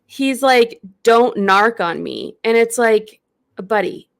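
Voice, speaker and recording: A woman's voice: fairly high pitch, lively intonation, slow, vocal fry. Easygoing woman podcast co-host. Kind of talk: casual chat.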